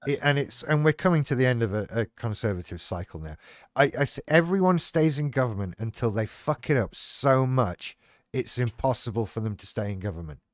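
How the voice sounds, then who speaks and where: A man's voice: mid-range voice, lively intonation, brisk, no room sound, clean studio sound. A man hosting a livestream, chatting frankly and wryly, with plenty of swearing. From United Kingdom. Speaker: livestream host. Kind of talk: casual chat.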